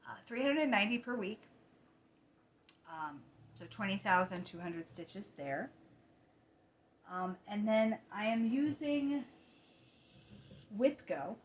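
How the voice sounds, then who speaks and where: A woman talks about her cross-stitch projects in a relaxed, chatty way. She sounds tired late at night, often catching and correcting herself, and drops into soft asides now and then. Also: mid-range voice, slow pace, pauses often, a little hiss or hum. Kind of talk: casual chat. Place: home at night.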